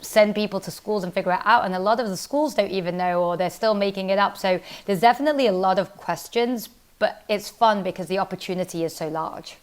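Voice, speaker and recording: A woman who founded a company, talking casually in an interview, quick and animated, full of "like" and "literally". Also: medium pitch. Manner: fast, animated, heavy use of "like" and "literally". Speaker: startup founder and CEO, interview guest.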